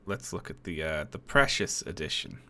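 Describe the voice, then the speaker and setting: Low, lively male streamer chatting casually. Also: normal speed. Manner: chuckling, reads on-screen text aloud with dry remarks. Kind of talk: casual live-stream chat.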